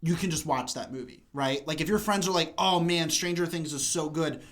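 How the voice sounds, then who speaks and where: A man's voice: a little high, a little fast, fairly bright tone. A man co-hosting a casual podcast chat, rambling through tangents and dropping "like" constantly. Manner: rambling, full of "like" fillers and tangents. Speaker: podcast co-host.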